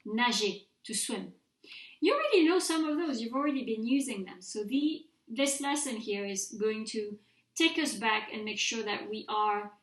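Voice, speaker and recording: A woman's voice: a little high, fairly bright tone, echoey room. A woman teaching a recorded French grammar mini-lecture, patiently modelling pronunciation for her students to repeat.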